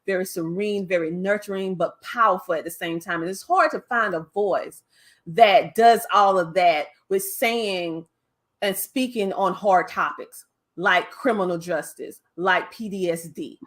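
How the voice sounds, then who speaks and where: A woman podcast host with a Southern US accent, chatting in an excited, effusive way in an interview. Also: mid-range voice, unhurried. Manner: excited, effusive, laughs often. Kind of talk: casual interview chat.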